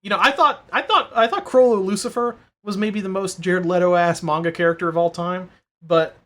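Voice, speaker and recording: A man's voice: sits high, normal speed, fairly bright tone. A man co-hosting a podcast in casual chat, rambling and swearing, full of fillers and restarts. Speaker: podcast co-host.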